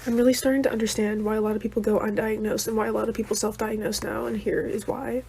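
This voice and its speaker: A woman's voice: on the high side, flat delivery, quick pace, creaky, a little mellow, slight background noise. A young woman, stuffy-nosed from being upset, talking to camera in an earnest, apologetic vlog rant. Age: young adult.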